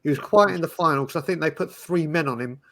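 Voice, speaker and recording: Bloke telling stories on a podcast, lively, keeps restarting, bit high-pitched. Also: male voice, fast, vocal fry. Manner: animated, storytelling, restarts often. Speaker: podcast panelist. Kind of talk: casual chat.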